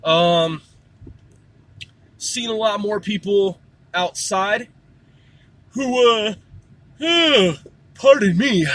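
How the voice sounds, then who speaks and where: A man's voice: high voice, lively intonation, drawn-out words, long pauses, fairly bright tone. A man hosting his own show in a rambling, casual monologue, swearing constantly. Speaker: podcast host.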